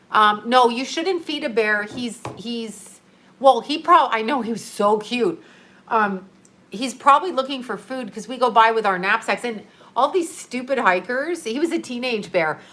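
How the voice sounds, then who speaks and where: A woman hosting a casual livestream, chatting loosely, jumping between topics and reacting to viewer comments, her voice swinging between loud and soft. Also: mid-range voice. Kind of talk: casual rambling chat.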